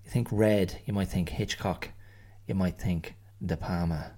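A man's voice: low-pitched, fairly even intonation, unhurried, mellow. A middle-aged Irish man hosting a solo podcast, musing in a rambling, wry way and often restarting his phrases. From Ireland. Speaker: podcast host.

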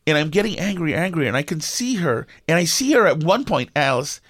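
A middle-aged man, co-hosting a podcast and telling a story in an animated, exasperated way with lots of restarts. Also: on the high side, brisk, no echo, clean studio sound. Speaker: podcast co-host. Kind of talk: casual storytelling chat.

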